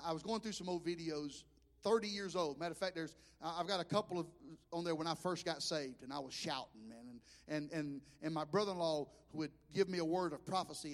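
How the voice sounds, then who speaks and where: A man's voice: a little high, a bit bright. A middle-aged man from Mobile, Alabama, with a Southern accent, preaching a sermon as a pastor, telling stories with stammering restarts and acting out voices. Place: church sanctuary. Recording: long reverb of a church hall.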